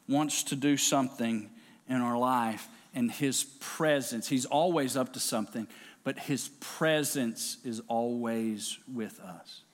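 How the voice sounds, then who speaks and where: A man preaching a sermon, with stammering restarts and quiet, hushed passages that build up to shouted exhortation. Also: mid-range voice. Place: large church sanctuary. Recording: long hall reverb.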